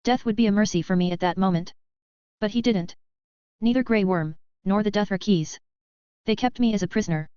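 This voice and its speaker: Frau liest reuigen jungen Krieger. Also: female voice, mid-range voice, normal speed, mellow, smooth, dry recording, dull audio, natural voice. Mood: remorseful. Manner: pleading, remorseful. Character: remorseful guilt-ridden young man, a warrior.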